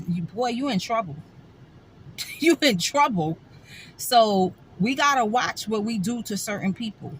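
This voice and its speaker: A woman's voice: on the high side, a little hiss or hum, low-quality recording. A middle-aged woman, talking bluntly and sassily to camera in a casual vlog, with wry laughs. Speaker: vlogger.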